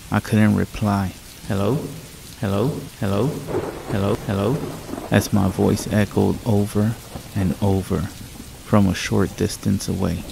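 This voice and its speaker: Male horror narrator, deep gravelly fry, calm measured read, faint rain underneath. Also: a little hiss or hum, poor audio. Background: rain sounds.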